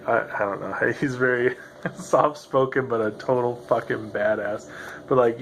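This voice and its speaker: A man's voice: mid-range voice, fairly even intonation, unhurried, vocal fry, a little hiss or hum. A man hosting a rambling solo podcast, loose and profane, who laughs often as he talks. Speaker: podcast host. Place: home room with a noisy computer. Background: grinding computer fan.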